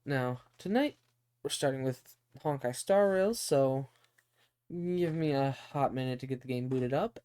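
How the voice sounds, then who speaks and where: A young male game streamer talks in a relaxed, unhurried way. His mellow voice still rises and falls a lot as he chats. He sounds laid-back and easygoing, with the odd curse word slipped in. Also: medium pitch, clean tone. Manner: laid-back and chatty, with casual swearing. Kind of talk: casual stream chat.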